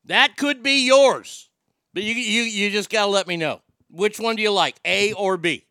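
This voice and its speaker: A man's voice: high voice, a little fast, bright, forceful tone, clean tone, no echo. A man from Oklahoma hosting a livestream, reading out viewer comments with jokes and banter. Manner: bantering, joking, reads comments aloud. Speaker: livestream host.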